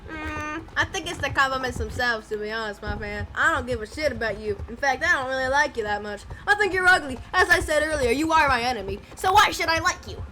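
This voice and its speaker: A woman's voice: high voice, lively intonation, quick pace, few pauses, bright, forceful tone. A young woman streamer chatting casually, playful and mock-bossy, swearing and hurling silly insults. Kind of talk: casual chat. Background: music.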